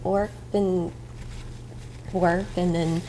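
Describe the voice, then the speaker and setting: A young woman co-hosting a podcast, talking in a soft, reassuring and comforting way. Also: lowish voice, little pitch movement, very slow, a crowd in the background, low-quality recording. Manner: soothing, reassuring, soft-spoken. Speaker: podcast co-host. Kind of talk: casual heartfelt chat.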